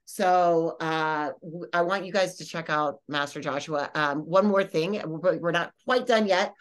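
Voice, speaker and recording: Rambling animated woman host. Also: on the low side, unhurried. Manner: rambling, animated, lots of fillers and restarts. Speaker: podcast host. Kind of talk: casual storytelling.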